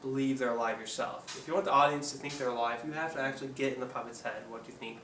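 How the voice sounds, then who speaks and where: A man's voice: mid-range voice, fairly even intonation, quick pace, a bit bright. Rambling man explaining casually in an echoey room. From Oregon, USA. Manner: rambling, hesitant, lots of ums. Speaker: puppeteer, channel host. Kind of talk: casual how-to tutorial. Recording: echoey room, distant mic, faint background hum.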